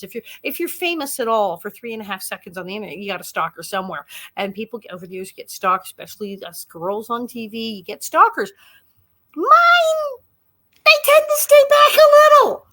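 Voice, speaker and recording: A woman in her sixties, a guest actress, telling lively anecdotes in a casual interview and laughing often. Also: medium pitch, brisk.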